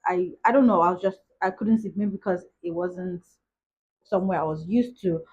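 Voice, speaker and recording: A woman's voice: lowish voice, moderate pace, a little mellow, slight background noise. A young woman telling a personal story to camera in a chatty way, full of "like" asides. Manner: chatty, retells events with many "like" asides. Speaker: vlogger. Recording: dull lo-fi recording.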